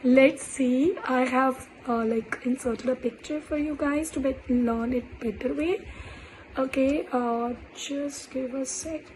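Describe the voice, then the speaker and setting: A woman teaching French in an online lesson, speaking deliberately and repeating words with many fillers. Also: high voice, fairly even intonation, a little mellow, a little hiss or hum, poor audio.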